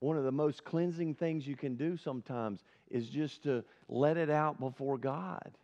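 A man's voice: fairly high pitch, normal speed, darkish tone. A male pastor giving an earnest, conversational sermon at a church service, often asking the congregation questions. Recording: dull lo-fi sermon recording.

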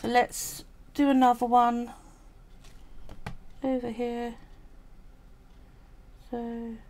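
A woman's voice: a little high, level tone, extremely slow, a little mellow, slight background noise. A woman with a Cockney accent, talking chattily through a craft tutorial at home, thinking aloud as she works. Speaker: polymer clay crafter and streamer.

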